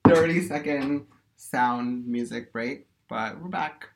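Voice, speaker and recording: Young man, casual podcast co-host, opinionated, rambling, says "like" a lot, mid-pitched voice. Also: takes it slowly, creaky, music in the background. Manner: opinionated, rambling, full of "like" fillers. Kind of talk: casual chat.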